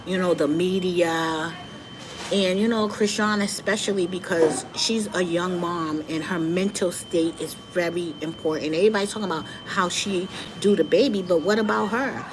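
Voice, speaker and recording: A middle-aged woman hosting a live stream, giving candid, animated commentary straight to her viewers. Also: lowish voice, normal speed. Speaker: livestream host. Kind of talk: casual commentary monologue. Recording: noticeable background noise.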